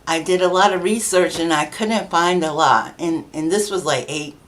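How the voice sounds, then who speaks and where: Middle-aged woman, low voice, chatty storyteller who laughs a lot and plays out the voices of people she quotes; a podcast guest. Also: moderate pace, a bit bright. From New Bedford, Massachusetts, USA. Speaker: guest, children's book author. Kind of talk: casual conversational storytelling.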